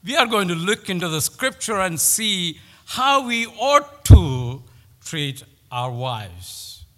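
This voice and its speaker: Slow-speaking preacher in an echoing hall. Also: male voice, sits high, very animated, fairly bright tone. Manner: storytelling, with pauses and emphatic repetition. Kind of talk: sermon.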